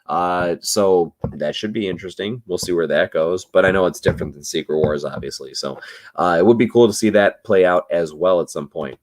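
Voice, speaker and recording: A man hosting a casual after-show livestream, slightly tipsy, swearing freely and answering chat comments with sudden excited jumps. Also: brisk. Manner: loose, swearing, swings between low mutters and excited outbursts. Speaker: livestream host reading chat.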